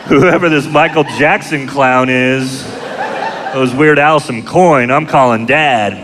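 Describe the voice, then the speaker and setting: A middle-aged man doing a stand-up comedy set, telling crude, self-mocking stories in a deadpan way, recorded live in a comedy club. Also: medium pitch, takes it slowly. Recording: live club show, long hall reverb, audience noise. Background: audience laughter.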